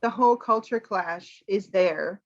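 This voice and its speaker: A woman's voice: medium pitch, unhurried, muffled recording. Chatty American woman teacher. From United States. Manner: chatty, animated quoting. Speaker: English teacher, channel host. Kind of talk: casual chat about a film.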